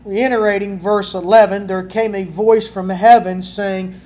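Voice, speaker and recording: A man preaching a sermon and reading scripture, folksy, asking the congregation rhetorical questions and swinging from loud emphasis to near-whispers. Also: high voice, steady tone, unhurried. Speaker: pastor.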